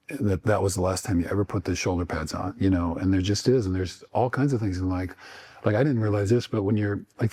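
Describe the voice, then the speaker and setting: A man hosting a podcast speaks in a relaxed, reflective way, as if thinking aloud. His voice sits low and sounds mellow and warm. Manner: reflective, conversational. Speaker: podcast host. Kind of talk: casual chat.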